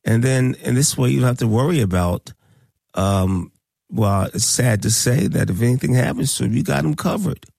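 Deep gravelly guy hosting a radio talk show, dry close sound, preachy, keeps repeating himself. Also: expressive, normal speed, a little mellow, dry recording.

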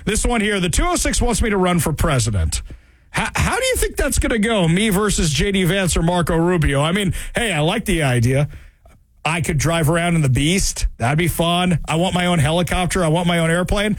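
A man hosting political talk radio, sarcastic and animated, repeating phrases for emphasis. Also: high voice, brisk, dry recording.

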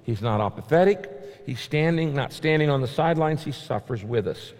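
A man's voice: fairly high pitch, expressive, a little fast, darkish tone. A male pastor preaching a sermon, emphatic and repetitive, his voice rising sharply on key points. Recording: long hall reverb.

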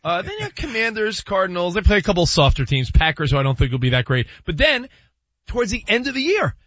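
A man co-hosting sports talk, bouncing his fairly high voice up and down as he argues a schedule. The sound is dry and a little dull, like a close studio mic. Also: quick pace, no echo. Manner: animated, teasing, goes over schedules game by game. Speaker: sports radio co-host.

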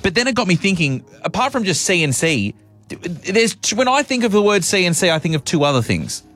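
A man's voice: sits high, sing-song, fairly quick, fairly bright tone, soft background music. A young adult man with an Australian accent hosting a radio show, telling stories in a chatty, self-mocking way. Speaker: radio host. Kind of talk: casual radio chat.

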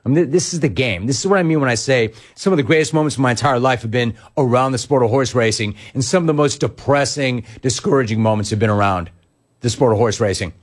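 A male sports talk host rolls through a monologue, his pitch leaping up and down as he gets worked up. He talks emphatically and tells stories in a conversational way, pushing back on listeners' comments.

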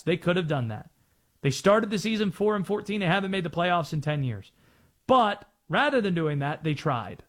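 A man from North Carolina hosting a sports talk radio show, chatting and explaining. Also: high-pitched. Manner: conversational, explanatory.

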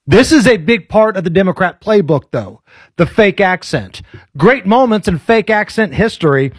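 Lively high-voiced man hosting, mocking. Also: moderate pace, slightly rough, no echo. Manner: mocking, animated. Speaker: host. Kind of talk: casual commentary.

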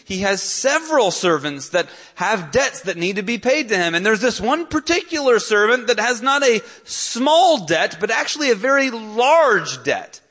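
A man's voice: high-pitched, big pitch swings, moderate pace, hardly any pauses, pushed and bright. A male pastor preaching a sermon in an earnest, emphatic way, lifting his voice on key points.

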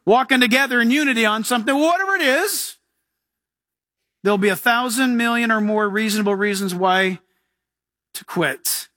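A man's voice: very high voice, normal speed, long pauses, no room sound. A man, a pastor, preaching a sermon in an emphatic way and often saying "listen". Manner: animated, emphatic, repeats "listen".

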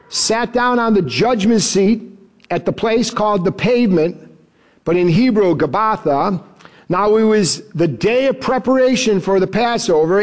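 A man preaching an expository sermon. He reads the passage and acts out the quoted lines, then drops his voice for asides. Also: high voice. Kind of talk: sermon, expository Bible teaching.

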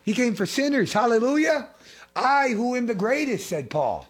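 A middle-aged man preaching a fervent sermon, repeating phrases and swinging between loud and hushed. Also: very high voice, sing-song, moderate pace, slightly rough. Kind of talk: impassioned sermon.

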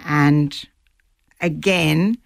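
A woman's voice: sits low, steady tone, drawn-out words, creaky, no echo, studio quality. A woman guest earnestly recounting a personal ordeal at sea, a vivid storyteller who repeats phrases for effect.

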